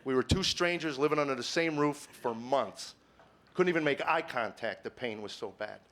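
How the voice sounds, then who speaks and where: A middle-aged comedian performs confessional stand-up before a live audience, speaking earnestly and stammering over repeated words. He shifts between quiet musing and emphatic, preacher-like points. His voice is mid-range at normal speed.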